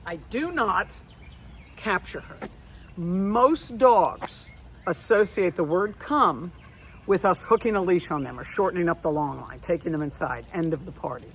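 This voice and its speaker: A woman dog trainer explaining recall outdoors, switching to high, cheerful calls to the dog. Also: expressive, unhurried, a little hiss or hum. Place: outdoors on a street.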